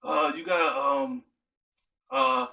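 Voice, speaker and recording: A man imitating his stepdad, a deep-voiced raspy older man who slowly hems and starts every phrase with "uh". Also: big pitch swings, bright, forceful tone, recorded from a distance, exaggerated voice. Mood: advising. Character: older stepdad, slow-talking, fatherly.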